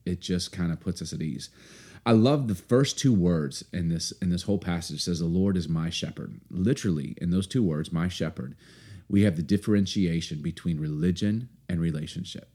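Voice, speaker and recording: A male pastor with a deep, dark, husky voice co-hosts a podcast, chatting casually and reading scripture. He's earnest and unhurried, with many fillers and restarts.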